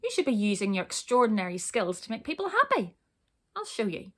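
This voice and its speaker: Small cheery tickle guy from a kids' book, lady reader doing him, high bright voice. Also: wildly swooping pitch, a little fast. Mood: cheerful. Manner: timid at first, then bright and coaxing. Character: small cheerful male tickler with long arms.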